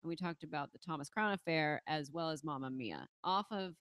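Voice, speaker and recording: An easygoing woman hosting a podcast, bantering and laughing with her co-hosts. Her voice sits a little low, and the close studio mic gives a dry, tight sound. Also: a little fast, a bit bright, dry recording. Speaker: podcast host. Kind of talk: casual chat.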